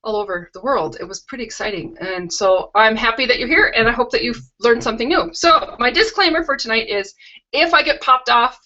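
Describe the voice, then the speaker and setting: A woman's voice: on the high side, fairly quick, sharp tone. A middle-aged woman hosting a live craft stream from her home, chatting casually with homey, rambling asides. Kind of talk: casual live-stream chat and product tour. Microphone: video call webcam. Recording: lo-fi video call audio.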